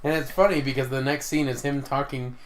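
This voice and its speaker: A man co-hosting a casual podcast, talking through a movie's plot in a loose, halting way with lots of fillers. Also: mid-range voice, steady tone. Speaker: podcast co-host. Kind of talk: casual movie recap chat.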